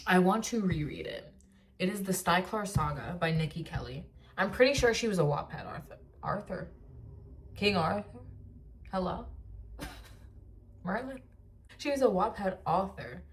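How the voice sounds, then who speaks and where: A woman's voice: lowish voice, normal speed. Chatty young woman ranting about books. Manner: animated, rambling rant with filler words. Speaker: vlogger. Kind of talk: casual chat.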